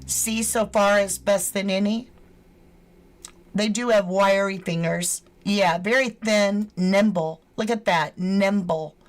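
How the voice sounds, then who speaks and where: A woman's voice: medium pitch, steady tone, takes it slowly. A woman hosting a true crime channel, chatting casually with live viewers, greeting them and reading their names aloud, with casual swearing. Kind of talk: casual livestream chat.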